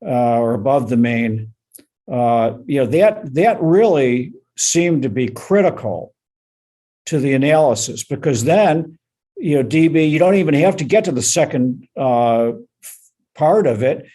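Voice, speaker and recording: Halting, mellow-voiced male judge. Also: mid-range voice, animated. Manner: probing, halting questions with many fillers. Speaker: appellate judge. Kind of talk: courtroom oral argument questioning.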